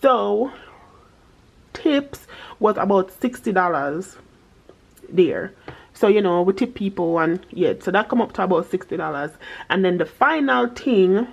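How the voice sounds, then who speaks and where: A woman's voice: medium pitch, animated, a little slow, vocal fry, pauses often, lo-fi sound. A woman with a Jamaican accent chatting casually to camera as a budgeting vlogger, slipping patois into her talk.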